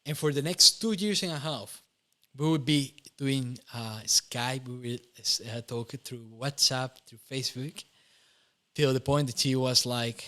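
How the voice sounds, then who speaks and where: A man's voice: medium pitch, measured pace, pushed and bright. A young man from Costa Rica with a Costa Rican Spanish accent, telling his personal testimony in an interview, earnest and often laughing, correcting himself mid-sentence. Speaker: interview guest.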